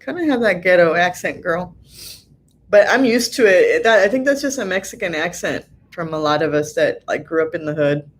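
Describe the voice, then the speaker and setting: A woman's voice: lowish voice, animated, normal speed. Chatty woman hosting a casual live stream. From Southern California. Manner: chatty and friendly, laughs often, many ums. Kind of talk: casual live-stream chat, reading out viewer comments.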